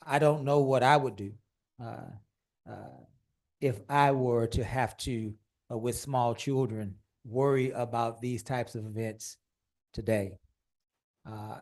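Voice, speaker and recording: A man presiding over a city council session at a podium microphone. He speaks in an average-pitched voice, earnest and measured, and often pauses on "uh" as he gives formal remarks or reads a proclamation into the chamber. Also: a little mellow. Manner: measured and earnest, frequent "uh" fillers. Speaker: mayor chairing a city council meeting.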